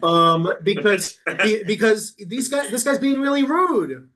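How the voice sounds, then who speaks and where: Casting: male rabbi, slightly high voice, loose and jokey while teaching scripture. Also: animated, a crowd in the background. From New York. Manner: playful, quick asides, reads verses then riffs. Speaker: rabbi teaching a Bible study. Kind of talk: casual text study, reading aloud and joking.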